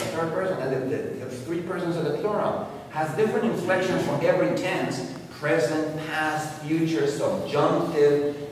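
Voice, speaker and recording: A man's voice: on the high side, a little hiss or hum. A man giving a university lecture, explaining points emphatically with examples. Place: large lecture hall. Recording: echoey hall recorded from far off.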